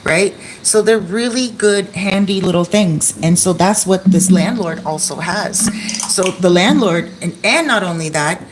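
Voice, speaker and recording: A woman's voice: on the low side, measured pace, noisy background. A woman who rents out apartments, telling a story to her phone camera in a casual vlog at home, often quoting people with "he's like.". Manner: chatty, quotes others with "he's like". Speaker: Airbnb host and vlogger.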